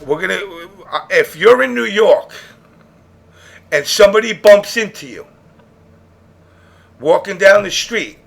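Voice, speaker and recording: A man's voice: high-pitched, lively intonation, a little slow, creaky, long pauses. A young man hosting a podcast, joking around in casual chat and coaching a guest with playful laughter. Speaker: podcast host.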